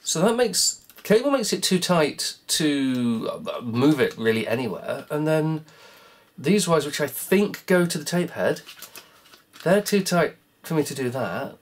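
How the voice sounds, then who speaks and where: An electronics repair vlogger takes apart a device at an indoor workbench, muttering sarcastic, grumbling commentary to themselves. The voice is medium-pitched with lively intonation and a measured pace.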